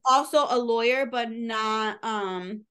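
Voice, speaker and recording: A woman's voice: a little high, slow pace, pushed and bright, smooth. Chatty woman recapping a novel. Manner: chatty, rambling, heavy use of "like", casual swearing. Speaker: podcast co-host reviewing books. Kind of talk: casual book recap.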